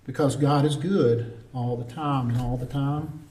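A man's voice: medium pitch, fairly even intonation, a little slow, warm tone. A man preaching a sermon as pastor, earnest and storytelling, calling for responses from the congregation. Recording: roomy echo, distant mic.

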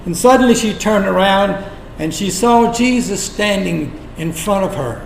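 A man preaching a sermon, retelling scripture as dramatic storytelling with long pauses. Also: high-pitched, expressive, gravelly, slight background noise. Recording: echoey room.

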